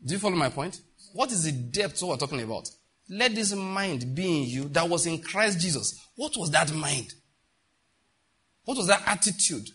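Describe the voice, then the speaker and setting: A man's voice: on the high side, bright, forceful tone, breathy edge. A middle-aged man, preaching a sermon emphatically and asking the congregation rhetorical questions. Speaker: pastor.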